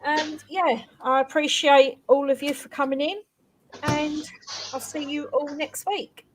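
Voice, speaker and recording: A woman's voice: high voice, steady tone, unhurried, a little hiss or hum, low-quality recording. An older woman hosting a live chat stream, chatting casually with panel guests and thanking viewers. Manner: chatty, warm sign-off thanks.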